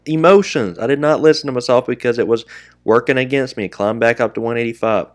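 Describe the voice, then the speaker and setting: A man in the middle of live day trading commentary, speaking in a voice of ordinary pitch and talking straight to his viewers. He keeps calling them traders and guys, walks through his trades as he makes them, and is quick to scold himself out loud when he misses his own plan. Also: steady tone. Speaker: day trader and channel host.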